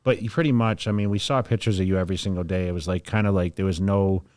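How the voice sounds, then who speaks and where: A man hosting a podcast, asking rambling, relaxed questions in casual chat. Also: low-pitched, fast, clean tone, dry recording, studio quality. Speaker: podcast host, former bodybuilder.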